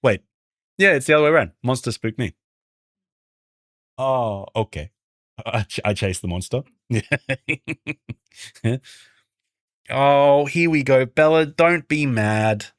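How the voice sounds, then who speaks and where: An Australian man from Brisbane, a variety streamer and game developer, chatting casually with his viewers and greeting them by name. He often keeps his voice hushed so the game won't hear him. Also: mid-range voice, lively intonation, slow pace, pauses often, no echo, clean studio sound. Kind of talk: casual livestream chat with viewers.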